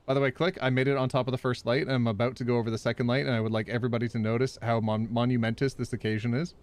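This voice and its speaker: A man's voice: mid-range voice, very fast, hardly any pauses, dry recording. A man live-streaming a game, chatting with viewers, yelping and laughing as he plays. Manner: animated, yelps and laughs while playing, chats with viewers.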